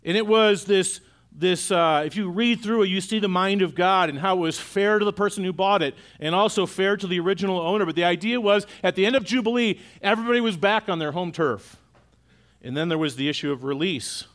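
A middle-aged man with a fairly high voice preaches to a church congregation. His delivery is conversational, and he keeps putting questions to the listeners. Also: brisk, a bit bright. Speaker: pastor. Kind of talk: sermon. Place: church auditorium.

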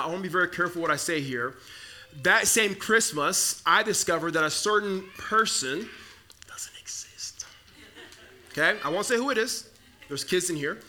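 Young male pastor from the Congo, high bright voice, chatty storytelling sermon in a church. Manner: storytelling, conversational with repeated restarts. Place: church sanctuary.

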